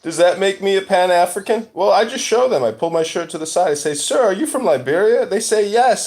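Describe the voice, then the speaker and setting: A man hosting a podcast, joking in a deadpan, provocative way during casual group chat. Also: sits high, fairly quick, few pauses. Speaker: podcast host.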